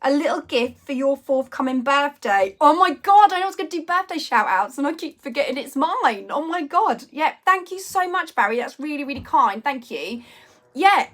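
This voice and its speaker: A woman's voice: sits high, expressive, normal speed. A woman, chatting casually on a live stream and reading out viewers' comments. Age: 40s. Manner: chatty, rambling, warmly reacting to viewers' messages.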